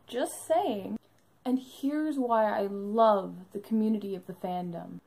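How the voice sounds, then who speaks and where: A woman's voice: medium pitch, measured pace, vocal fry, a little mellow, poor audio. A young woman narrating an enthusiastic fan vlog about a live show she went to, in a bubbly storytelling manner.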